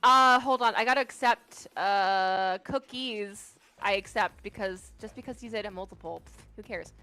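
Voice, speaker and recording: A woman's voice: medium pitch, normal speed, pushed and bright, clear, resonant tone, soft background music. A woman co-hosting a trivia stream in casual chat, rambling and self-deprecating, often giggling.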